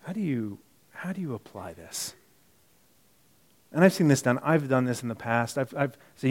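A man's voice: mid-range voice, lively intonation, moderate pace, long pauses. Conversational preaching man, wide swings. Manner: conversational preaching, swings from quiet asides to emphatic bursts; self-correcting, repeats words. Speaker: pastor. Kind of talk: sermon.

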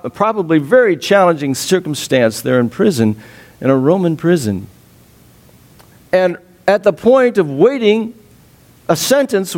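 A man preaching a sermon as a pastor, expressive, laughing often and dropping soft and low on sad points.

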